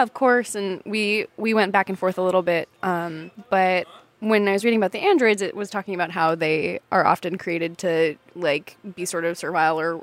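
A woman talking as a guest player in a casual podcast chat, rambling with many fillers and laughs. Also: fairly low pitch.

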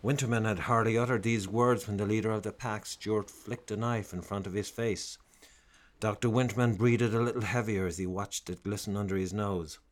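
A man's voice: on the low side, steady tone, normal speed, darkish tone. A man narrating a comic story in a wry, theatrical way.

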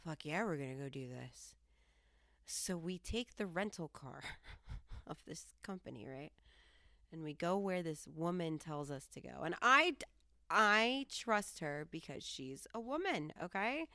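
A woman from Colorado tells a story in a casual podcast style, and her voice jumps up high and lively whenever she quotes herself. Her voice is low and smooth, and the sound is close and dry. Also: measured pace, no room sound. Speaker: podcast host.

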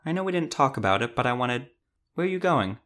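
A man's voice: mid-range voice, very animated, fast, fairly bright tone. A man narrator voicing a shy, affectionate young woman monster hunter who hesitates and trails off mid-sentence. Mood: bashful.

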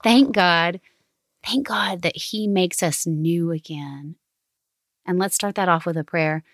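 A woman in her thirties hosting a family prayer and meditation time, speaking slowly and encouragingly to her son. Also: on the low side, no room sound, studio quality. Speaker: host of family devotional. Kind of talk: gentle guided family devotional.

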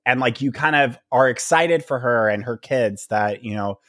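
A man's voice: mid-range voice, normal speed, a bit bright, no echo, clean studio sound. A man co-hosting a podcast, chatting about a film in an opinionated, casual way with some swearing. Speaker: podcast co-host.

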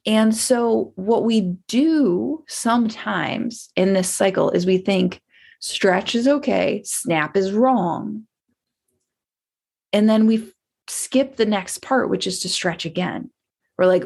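A woman business coach giving a casual motivational talk, chatty and animated, acting out the anxious voices in people's heads. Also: mid-range voice, slow, creaky, breathy edge.

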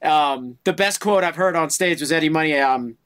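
Enthusiastic host with a fairly high voice. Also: male voice, normal speed, a bit bright. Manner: enthusiastic, laughs often. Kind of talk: casual interview.

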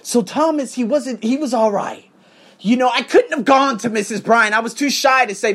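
A man in his thirties from Las Vegas casually telling a story to viewers in an animated, profane way with frequent laughter. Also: very high-pitched, moderate pace. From Las Vegas, USA. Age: 30s.

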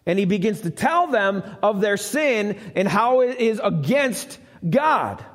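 A man's voice: high voice, sing-song, measured pace, hardly any pauses. A male pastor telling a Bible story in a conversational live sermon, asking the congregation questions. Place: church sanctuary. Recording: live church with long reverb.

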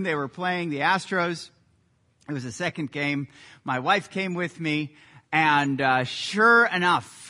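Male pastor, sermon, high, bright voice, animated storyteller. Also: long reverb tail. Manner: animated storytelling with lively sports anecdotes.

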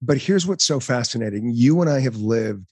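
A man's voice: medium pitch, lively intonation, moderate pace, a little mellow, breathy edge, no echo. A middle-aged man hosting a podcast, effusive and playful, gushing over his guest. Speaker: podcast host. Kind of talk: heartfelt interview.

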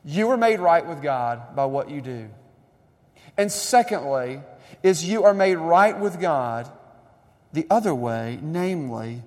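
A young adult man preaching a sermon in a conversational, animated way, building up emphasis. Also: a little high, measured pace. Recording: long reverb of a large hall.

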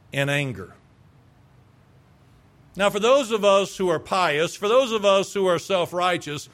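A man with a somewhat high voice preaches a sermon. He reads scripture and keeps turning to his listeners with rhetorical questions. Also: fairly bright tone. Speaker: pastor.

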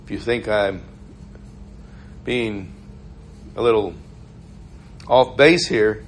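A man's voice: on the low side, takes it slowly. Chatty male preacher telling stories. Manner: conversational, storytelling, laughs often. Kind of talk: informal sermon.

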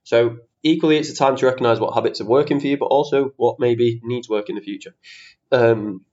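A young man talks through a solo podcast episode, chatty and quick to rant, with casual swearing. His voice sits at an ordinary middle pitch. The recording sounds slightly dull and lo-fi. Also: darkish tone. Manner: chatty, ranty, swears casually, self-mocking. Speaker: podcast host.

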